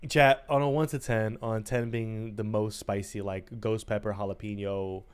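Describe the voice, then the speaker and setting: A man's voice: fairly low pitch, steady tone, normal speed, smooth, faint music behind. A young man livestreaming, chatting casually and teasing his chat with playful mock rants.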